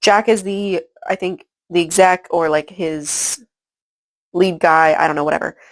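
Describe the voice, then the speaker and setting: A woman's voice: fairly low pitch, fairly even intonation, a little slow, rough recording. A woman casually recapping a book chapter by chapter, rambling and filling her talk with "like" and "um". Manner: rambling, filler-heavy retelling with frequent "like" and "um". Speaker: book reviewer.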